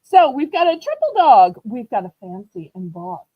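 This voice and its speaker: A woman's voice: fairly high pitch, very animated, normal speed, dry recording, phone-quality sound. A woman hosting a live online auction, chatting in a gushing, upbeat way as she shows items. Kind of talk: live selling stream chat.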